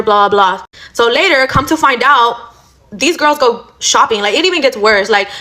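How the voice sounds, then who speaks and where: A woman's voice: fairly high pitch, sharp tone. A young woman telling a casual storytime rant, blunt and profane, full of fillers like "like" and "you know". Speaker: storytime vlogger.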